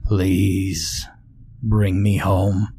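A man voicing a male ghost with a light, raspy voice, pleading slowly and calmly with quiet anger beneath. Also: sits low, heavily acted. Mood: calm menace. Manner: slow, calm, pleading. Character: ghost of a drowned-sounding lost boy, pleading, quietly angry.

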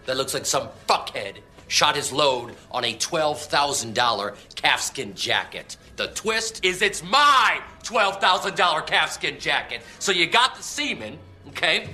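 A man's voice: on the high side, big pitch swings, measured pace, few pauses, sharp tone, soft background music, full character voice. An actor playing an arrogant, coked-up magician who berates his staff with profanity. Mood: disgusted. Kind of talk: film dialogue.

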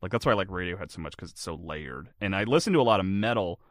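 A man's voice: low-pitched, expressive, quick pace, no room sound, studio quality. A man chatting casually as an interview guest, rambling and filling his answers with "like". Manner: rambling, heavy use of "like" fillers. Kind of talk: casual chat.

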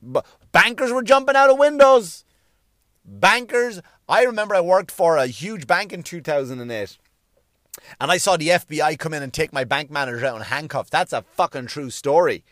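A man's voice: fairly high pitch, animated, normal speed, fairly bright tone, dry recording, clean studio sound. A man, ranting sarcastically with lots of swearing and rhetorical questions in a comic monologue. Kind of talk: profane comic rant.

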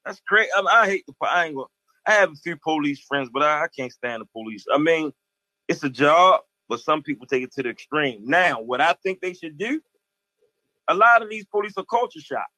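Bright-voiced radio host. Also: male voice, a little high, expressive, a little fast, dry recording, poor audio. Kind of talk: casual radio chat.

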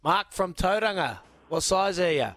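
A man's voice: high-pitched, lively intonation, fairly bright tone, no echo. A man with a New Zealand accent hosting a radio sports quiz, jokey, laughing and calling callers mate. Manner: jokey, quick to laugh, calls everyone mate. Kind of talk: breezy radio banter.

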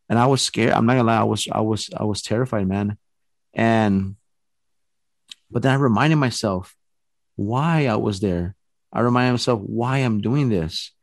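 Guy with a deep gravelly voice telling a spooky story, doing the sound effects, dry close mic. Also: moderate pace, dry recording. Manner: animated, acts out sounds and quotes himself, swears casually. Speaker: paranormal investigator telling a story. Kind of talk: casual storytelling.

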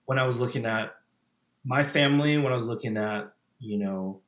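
A man's voice: mid-range voice, normal speed, reverberant. A man in his thirties, a former pastor, speaking as a podcast guest in a reflective, casual way with frequent fillers and restarts. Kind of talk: casual conversational interview.

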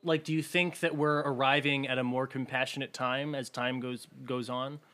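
A man hosting a podcast who asks thoughtful questions in a halting way. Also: mid-range voice, flat delivery, sharp tone.

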